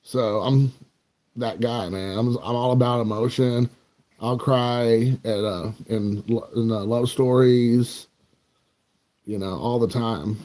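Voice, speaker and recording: A man's voice: mid-range voice, steady tone, slow, dark tone. A man in his forties, from the United States, chatting casually with viewers in a rambling, joking, self-mocking way. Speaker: card collecting channel host.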